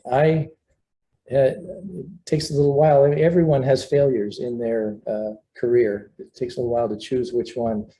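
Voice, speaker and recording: An older man, a research scientist and mentor, telling anecdotes at home in a relaxed, halting interview manner. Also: medium pitch, slight background noise, low-quality recording. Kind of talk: casual storytelling interview.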